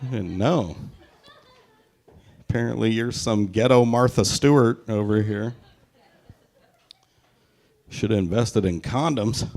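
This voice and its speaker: A man's voice: on the low side, steady tone, unhurried, long pauses, darkish tone. Brash, profane male stand-up comic. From Pacific Northwest, USA. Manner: crude, brash, profane, punchy delivery. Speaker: stand-up comedian. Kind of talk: stand-up set with crowd work. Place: brewery, live audience.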